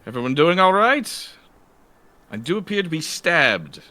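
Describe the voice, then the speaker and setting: A man's voice: a little high, big pitch swings, unhurried, bright, forceful tone, no room sound. A man playing his character in a tabletop game, swearing casually and stumbling over fillers. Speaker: player.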